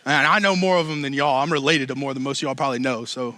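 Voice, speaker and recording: A man's voice: medium pitch, fairly even intonation, fast talker, bright, forceful tone, no echo. A man pastor giving a conversational sermon, mixing joking asides with emphatic preaching.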